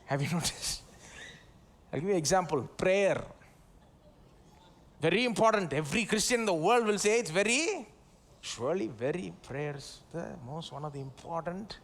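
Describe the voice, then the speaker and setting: A man with an Indian English accent and a notably high voice delivers a live sermon in a church service. He talks in a loose, conversational way, full of tag questions. He calls on the congregation to repeat his words back to him. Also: expressive, normal speed. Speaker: pastor.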